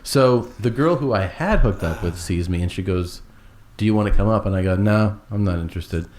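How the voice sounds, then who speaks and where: A man's voice: lowish voice, a little fast, a little mellow. A man telling a long, rambling, profane story in casual chat, acting out every quote.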